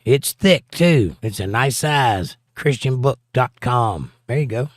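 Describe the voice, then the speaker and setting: A man's voice: medium pitch, animated, takes it slowly, no room sound. A male livestream host reading viewer comments aloud and answering them with dry, joking asides in a casual chat.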